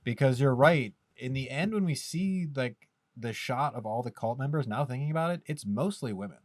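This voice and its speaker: A man's voice: mid-range voice, animated, moderate pace, dry recording, clean studio sound. Rambling man co-hosting a film podcast. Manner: rambling, filler-heavy musing. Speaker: podcast co-host. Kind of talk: casual film chat.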